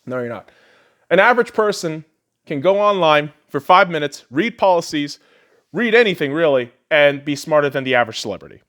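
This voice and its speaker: A man's voice: a little high, animated, a little fast, a bit bright. A man hosting a podcast, ranting heatedly and sarcastically, swearing often. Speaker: podcast host. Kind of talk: profane solo rant.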